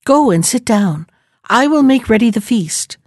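A woman voicing a young maiden who calmly calls objects to her in a fairy tale. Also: a little high, measured pace, no echo, studio quality. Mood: commanding. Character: young maiden, calm and magical.

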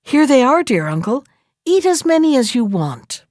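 A woman's voice: high voice, very animated, moderate pace, darkish tone, dry recording, clean studio sound, pitched above the performer's own voice. A woman reading a folk tale aloud, voicing a clever, brave little boy who talks earnestly and eagerly.

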